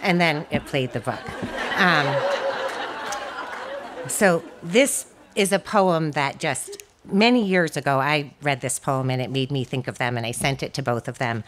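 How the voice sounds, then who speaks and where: Woman, very low voice, memorial tribute, church, unhurried, hesitant, frequent ums. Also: fairly bright tone, a faint crowd, slight background noise. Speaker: daughter speaking at a memorial service.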